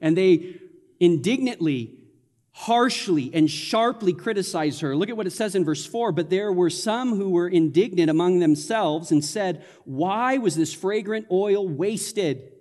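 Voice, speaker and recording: A man preaching a sermon as a pastor, in a lively conversational manner with playful asides, in a church sanctuary. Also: high voice, normal speed, in a large hall.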